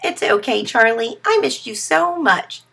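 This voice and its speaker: Woman putting on an eager little turtle brother, high squeaky voice, breathy, storybook. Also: animated, a little slow, sharp tone, heavily acted. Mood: affectionate.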